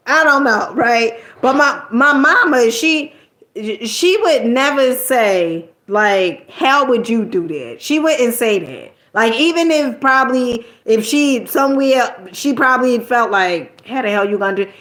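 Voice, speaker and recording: A woman's voice: on the high side, fairly bright tone. A middle-aged woman from New Jersey telling a personal story in a casual, colloquial way, tossing in "okay?" and mild swearing.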